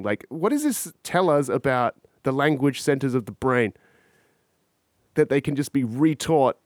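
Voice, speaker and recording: A man's voice: fairly high pitch, darkish tone, no room sound, studio quality. A man hosting a podcast, musing aloud in a rambling, profane casual monologue and putting questions to his listeners. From Australia. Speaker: podcast host.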